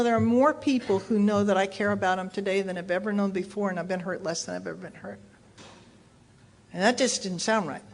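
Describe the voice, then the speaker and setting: A woman from Texas speaking at a recovery meeting, telling a candid, self-mocking personal story to an audience. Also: medium pitch.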